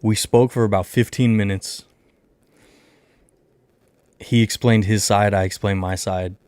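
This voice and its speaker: A young adult man hosting a casual livestream, telling a long rambling story with lots of filler and animated retellings. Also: on the low side, a little slow, smooth, dry recording. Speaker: livestream host.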